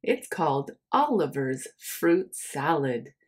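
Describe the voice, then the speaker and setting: A woman's voice: deep voice, big pitch swings, slow pace. A young woman teacher reading a picture book aloud to children, speaking to them in a friendly way as her friends. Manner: friendly, addresses listeners as friends.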